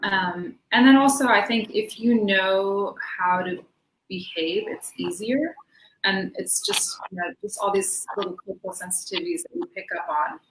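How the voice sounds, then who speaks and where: A woman's voice: medium pitch, lively intonation, moderate pace, fairly bright tone. Chatty woman in an echoey room. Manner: chatty, many fillers, laughs often. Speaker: interview guest, belly dancer. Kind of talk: casual interview chat. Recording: echoey room with faint noise.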